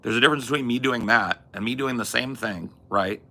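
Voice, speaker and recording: A man's voice: medium pitch, a little fast, bright, forceful tone. A man hosting a talk podcast, arguing his opinions emphatically with casual swearing. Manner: emphatic, swears, acts out quoted voices. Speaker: podcast host.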